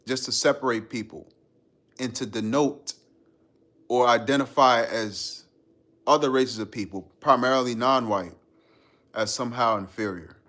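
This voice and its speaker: A man's voice: medium pitch, normal speed, long pauses, fairly bright tone. Laid-back slangy man chatting on a live stream. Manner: laid-back and slangy, laughing often, riffing on chat comments. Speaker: live streamer reading viewer comments. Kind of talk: casual live-stream chat.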